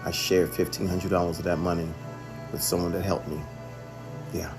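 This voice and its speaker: A man's voice: sits low, little pitch movement, moderate pace, music in the background. A man, a chef, telling the story of a phone call in an earnest monologue, often repeating himself for emphasis. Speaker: chef and restaurant owner.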